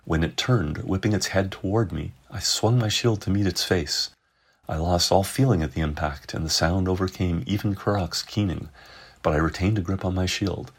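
A man narrating a science fiction story in a measured, dramatic way. His voice sits very low and has a husky grain. The delivery is steady and scripted.

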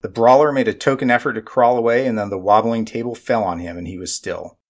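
A man narrating an audiobook in a measured, dry way. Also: mid-range voice, fairly even intonation.

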